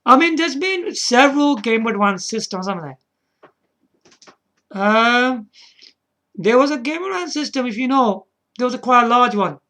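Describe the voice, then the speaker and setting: A man's voice: extremely high pitch, animated, moderate pace, long pauses, pushed and bright. A man hosting a gaming video in casual, rambling commentary, often checking in with the viewer and chuckling at himself. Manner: frequent restarts and chuckles.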